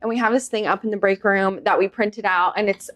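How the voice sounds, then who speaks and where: A woman's voice: mid-range voice, brisk. A woman co-hosting a podcast, telling funny work stories in casual chat and acting out what people said. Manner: animated storyteller, acts out quotes. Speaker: podcast co-host.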